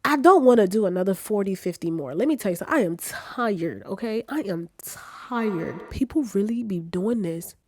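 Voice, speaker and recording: Animated young woman with a cold. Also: fairly quick, few pauses, no echo, studio quality. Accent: British. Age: 20s. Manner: animated, acts out her own quotes with big pitch jumps. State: has a cold. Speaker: vlogger. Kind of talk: casual storytelling vlog.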